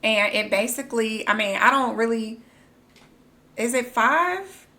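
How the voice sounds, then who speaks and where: A young woman streaming live, with a higher-pitched voice that has a gravelly fry running through it. She talks in an unhurried way, bursts into gasps and squeals, and then drops to muttering to herself. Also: lively intonation, sharp tone. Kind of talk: excited live-stream chat.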